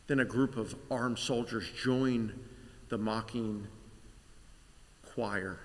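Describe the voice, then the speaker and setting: Slow, hushed man leading a meditation. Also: on the low side. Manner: slow, vivid second-person storytelling, sinking to whispers. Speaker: pastor. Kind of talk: guided Good Friday meditation. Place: church sanctuary. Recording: long church reverb.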